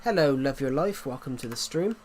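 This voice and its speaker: A man's voice: medium pitch, lively intonation, a little fast. An English man chatting casually on a livestream, rambling with many restarts and fillers, his throat sore. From England. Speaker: livestream host.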